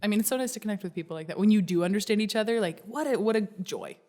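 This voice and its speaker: A woman's voice: medium pitch, darkish tone. A woman talking as a podcast guest in a casual chat, playful and often laughing as she tells stories. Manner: quick, laughing, playful storyteller.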